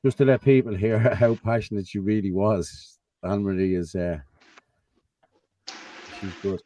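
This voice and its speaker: Low-voiced host reading messages. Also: male voice, measured pace, distant mic, a little hiss or hum. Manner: relaxed, reading out viewer messages. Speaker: show host. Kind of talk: casual live-stream chat.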